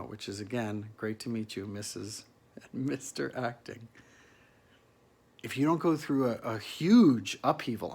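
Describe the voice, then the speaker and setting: A man, an actor, giving a reflective solo monologue to an imagined listener, musing and halting with restarts and soft chuckles. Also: medium pitch. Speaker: actor performing a solo piece.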